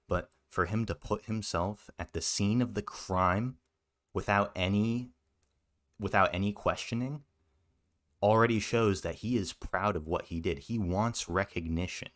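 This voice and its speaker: A man's voice: low-pitched, fairly bright tone. A man hosting a commentary video, talking in an indignant, emphatic way, swearing and repeating his points. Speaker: commentary channel host. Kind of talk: reaction commentary.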